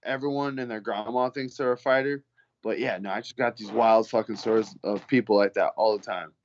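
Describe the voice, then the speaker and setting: A man's voice: on the low side, fairly quick, highs cut off. A man, a heavyweight fighter, telling casual stories in an interview, swearing freely and acting out the people he quotes. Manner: animated storyteller, profane, acts out the people he quotes.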